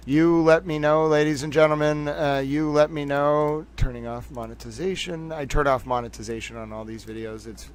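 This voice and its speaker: A man with a hard Boston accent hosts a live stream, speaking to his audience in a showy, theatrical way. His voice sits a little high and comes through smooth and clear. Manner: theatrical, repeats catchphrases, addresses viewers directly. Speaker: livestream host.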